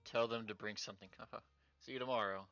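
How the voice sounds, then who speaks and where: A man with a lowish, bright, forceful voice streams a game, reading its text aloud and throwing in wry, swearing asides. The sound is dull and lo-fi, with faint music underneath. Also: fairly even intonation, normal speed, creaky, no room sound.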